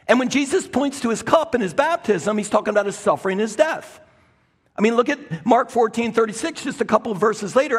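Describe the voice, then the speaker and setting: A male pastor preaches with a high, husky voice that leaps between loud bursts and quiet asides. He tells the story with lively, animated emphasis. His clip-on mic catches the long reverb of the church hall. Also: fairly quick. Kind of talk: sermon. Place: church sanctuary. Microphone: clip-on microphone.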